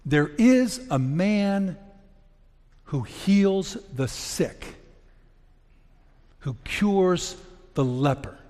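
A man voicing a humble servant woman who brings hopeful news, speaking slowly and earnestly. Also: high voice, animated, pitched above the performer's own voice, heavily acted. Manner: slow, earnest, hushed with awe. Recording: long reverb of a large hall.

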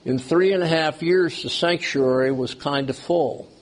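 A man's voice: fairly high pitch, measured pace. A man preaching a sermon, asking the congregation questions as he goes. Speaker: pastor.

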